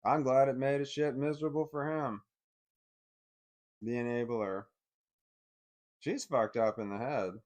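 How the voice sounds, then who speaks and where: A middle-aged man telling a personal story in a blunt, heavily profane way, swinging between anger and quiet bitterness. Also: medium pitch, steady tone, a little slow, pauses often.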